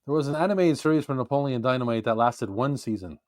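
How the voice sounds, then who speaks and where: A playful man hosts a casual podcast chat at an ordinary middle pitch, laughing often. The sound is dry and close, with no echo. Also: animated, quick pace, darkish tone. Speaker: podcast host.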